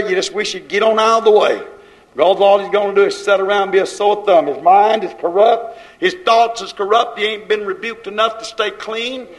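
A man's voice: sits high, rough recording. A man preaching a fiery sermon, scolding his congregation in rhythmic, repeated phrases and folksy grammar.

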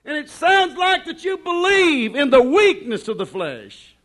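A man preaching a sermon in an emphatic, repetitive cadence, dropping to hushed asides and rising to shouted declarations. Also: extremely high pitch, big pitch swings, a little slow.

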